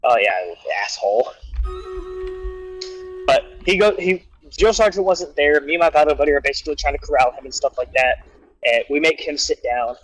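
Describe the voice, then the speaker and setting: A man's voice: on the high side, animated, normal speed, long pauses, fairly bright tone, rough recording. A man telling a long personal story in casual talk, acting out quotes, with many restarts. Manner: rambling anecdote with acted-out quotes and restarts. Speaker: guest storyteller.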